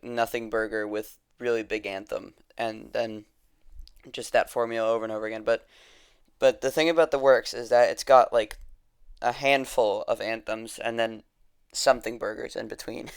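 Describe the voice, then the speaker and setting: A man's voice: mid-range voice, clean tone, no room sound, clean studio sound. A man casually reviewing music in a rambling, enthusiastic way, with lots of ums and restarts. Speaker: music vlogger ranking albums.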